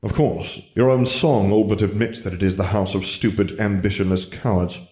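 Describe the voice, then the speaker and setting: A man's voice: lowish voice, steady tone, normal speed, warm tone, husky, no room sound. A man voicing a smug, scheming boy wizard who talks in a grandiose, condescending way.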